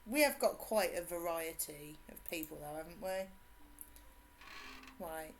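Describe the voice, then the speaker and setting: An English woman whose accent blends Suffolk, Cockney and a Brummie twang. She chats in a bubbly way with her viewers while streaming a game. She greets people warmly by name and laughs often. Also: sits low, a little slow, slight background noise. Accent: English, mixed Suffolk, Cockney and Brummie. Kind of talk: casual live-stream chat.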